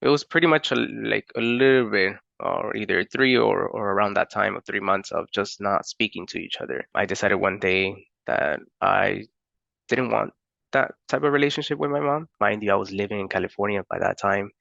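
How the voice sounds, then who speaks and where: A young man from Florida telling a personal story in a halting, unhurried way with many pauses and fillers. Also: lowish voice, creaky, bright, forceful tone, no echo, muffled recording.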